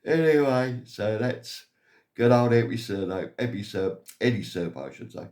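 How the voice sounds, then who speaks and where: Rambling English storyteller, a man with a lowish voice, casual vlog anecdotes. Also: moderate pace, a little mellow. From England. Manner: rambling, chuckles at his own stories. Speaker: vlogger.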